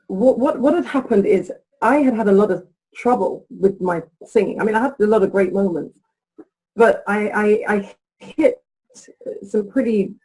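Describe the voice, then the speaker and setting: Woman, relationship coach, interview guest, husky, animated, storytelling. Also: mid-range voice, rough recording. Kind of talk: interview conversation.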